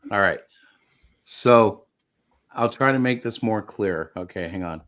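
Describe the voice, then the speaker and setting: A man's voice: on the low side, a bit bright. A man hosting a live stream, chatting casually and rambling as he fiddles with his setup. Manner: rambling, halting, laughs while fiddling with tech. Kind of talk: casual chat.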